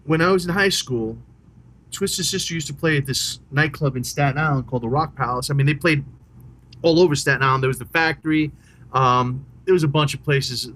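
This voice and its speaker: Middle-aged new guy rambling excitedly about rock bands, swears a lot, kinda high voice. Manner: enthusiastic, rambling, swears casually. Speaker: podcast co-host. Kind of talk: casual chat about rock music.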